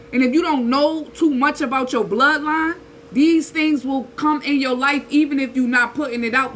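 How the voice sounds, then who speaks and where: A woman, giving a casual spiritual talk in an animated, preachy way with slang and rhetorical asides. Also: high-pitched, a little hiss or hum, rough recording. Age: 30s. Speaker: spiritual channel host.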